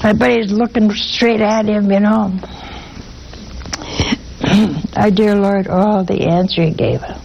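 A woman's voice: mid-range voice, fairly even intonation, slow, creaky, pauses often, darkish tone, dull audio, slight background noise. A woman preaching a sermon in a folksy, humorous, conversational way.

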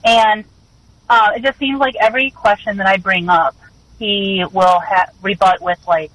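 A woman calling in to a radio show, putting her question hesitantly with many pauses and fillers. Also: mid-range voice, fairly even intonation, fairly bright tone, no echo, low-quality recording. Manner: hesitant, full of ums and likes. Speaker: caller.

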